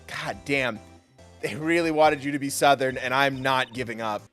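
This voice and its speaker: A man's voice: mid-range voice, moderate pace, fairly bright tone, soft background music. Wisecracking male game streamer. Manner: playful, wisecracking, laughing often. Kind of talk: jokey gameplay commentary.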